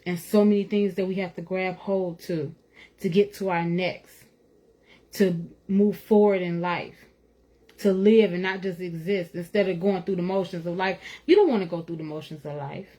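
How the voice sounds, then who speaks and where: A woman's voice: lowish voice, steady tone, moderate pace, dark tone. Earnest woman sharing her faith. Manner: conversational, earnest, lots of "you know", laughs now and then. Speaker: speaker sharing faith testimony. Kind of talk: informal faith talk.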